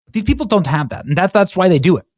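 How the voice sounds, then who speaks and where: Animated sarcastic male commentary host. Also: high-pitched, racing. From Iowa. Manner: animated and sarcastic, with loose conversational restarts. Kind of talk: mocking political commentary.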